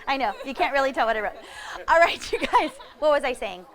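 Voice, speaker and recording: A woman giving a lively talk about wild animals to a young audience, animated and often laughing as she speaks straight to the crowd. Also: high voice, a little fast. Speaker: wildlife educator with animal ambassadors. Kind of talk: lively presentation to kids.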